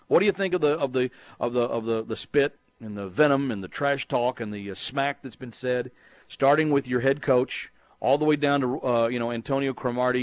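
A middle-aged man from Texas hosts a sports talk call-in show, riffing loosely and circling back over his own words. His voice sits at a moderate pitch and is recorded close and dry, with no room sound. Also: no room sound, highs cut off. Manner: rambling, conversational, frequent restarts and fillers. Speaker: sports radio host.

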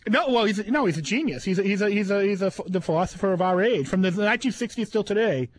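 A man's voice: high-pitched, expressive, fast, dry recording, poor audio. A man with a Boston accent, hosting a casual comedy chat, joking and stretching out his phrases with repeated words. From New England. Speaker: podcast host.

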